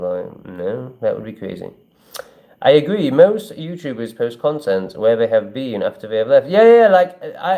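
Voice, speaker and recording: A man's voice: lowish voice, a little mellow. A man talks in a rambling, blunt way and swears freely while chatting on a casual livestream and reading out viewer comments. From England. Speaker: travel vlogger.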